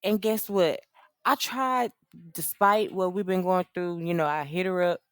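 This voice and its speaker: A woman's voice: lowish voice, a little slow, no echo, studio quality. A woman recapping a reality TV show in a casual, slangy, gossipy way. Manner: slangy, gossipy, animated storytelling.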